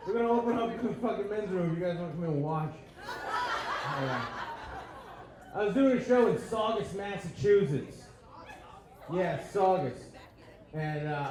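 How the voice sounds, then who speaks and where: A brash, profane man doing stand-up on a club stage, his voice pitched high for a man. The room rings with heavy echo. A crowd murmurs faintly behind him. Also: lively intonation, a little slow, pauses often. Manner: brash, profane, laughing at own jokes. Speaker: stand-up comedian. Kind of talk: crude stand-up set.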